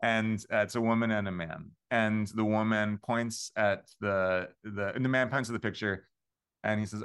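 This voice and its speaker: Speaking at a moderate pace, the composer has a lowish, steady voice that comes across a bit bright, clear and resonant. As a podcast guest in a casual interview, he wanders through his stories, laughing often and full of fillers and restarts.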